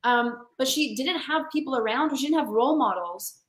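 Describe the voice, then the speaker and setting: A woman's voice: high voice, expressive, a little fast. A woman sales coach being interviewed over a video call, speaking in a passionate, emphatic motivational way. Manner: passionate, emphatic, calls listeners honey. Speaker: sales coach for women, guest. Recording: echoey room.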